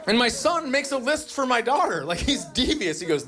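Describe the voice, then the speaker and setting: A man doing stand-up comedy on stage, profane and sardonic, with dry deadpan asides. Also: extremely high pitch, normal speed, few pauses. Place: comedy stage before a live audience. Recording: live audience laughter throughout.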